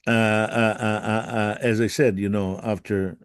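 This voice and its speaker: A man's voice: fairly low pitch, level tone, clear, resonant tone, no echo. Older man, interviewer, hesitant speech, dry sound. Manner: halting, many hesitations. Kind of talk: conversational interview.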